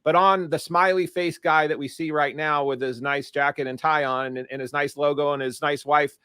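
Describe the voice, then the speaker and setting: A man's voice: on the high side, fairly even intonation, moderate pace, pushed and bright, smooth, no echo. A man hosting a business show, asking long, winding interview questions. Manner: rambling, wordy questions with many restarts. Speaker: podcast host.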